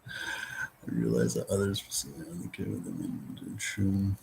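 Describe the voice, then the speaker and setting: A man in casual conversation, talking in a rambling, halting way with many fillers and restarts, and swearing now and then. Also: low-pitched, big pitch swings, creaky, a little mellow, a little hiss or hum. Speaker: discussion participant.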